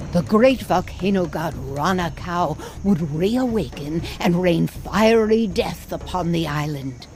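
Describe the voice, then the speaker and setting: A woman's voice: medium pitch, darkish tone, slight background noise. A woman voicing an ancient talking stone head in a video game, grave and prophetic with a matter-of-fact turn.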